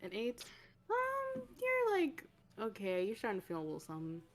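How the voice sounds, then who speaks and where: A woman narrating as game master of a tabletop game, halting often with fillers. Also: a little high, huge pitch swings.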